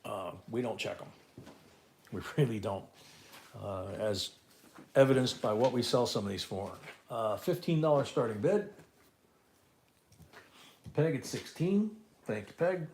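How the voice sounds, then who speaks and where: A man's voice: mid-range voice, animated, unhurried, pauses often, a little mellow, slight background noise. A man hosting a casual live coin auction, calling out bids and chatting with viewers from home. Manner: chatty, repeats bids and co-host's remarks.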